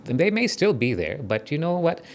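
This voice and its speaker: A man with a South African accent gives a gentle, conversational devotional talk to a small group. He guides a meditation and often checks in with his listeners. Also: fairly high pitch, big pitch swings, brisk, a little hiss or hum. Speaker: spiritual speaker leading a meditation.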